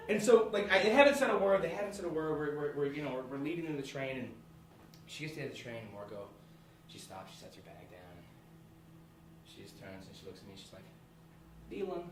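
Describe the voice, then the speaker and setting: Young guy telling a story on stage, high voice jumping all over, laughs a lot, echoey hall from far off with noise. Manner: animated, laughing through his own story, restarting sentences. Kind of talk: live personal storytelling. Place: theatre stage at a live event.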